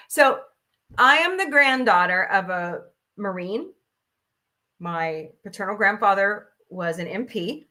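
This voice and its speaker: Blunt mom host cussing and laughing through a rant, bright sharp voice. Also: female voice, medium pitch. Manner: blunt, profane, laughs often. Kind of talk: casual ranting chat.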